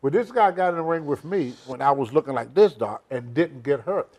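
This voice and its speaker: An older man with a somewhat high voice spins long, emphatic stories, dropping words and circling back to his point. He talks like a guest in a casual sit-down interview. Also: lively intonation, a little fast, a little mellow. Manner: rambling, emphatic storytelling with dropped grammar. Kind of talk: shoot interview storytelling.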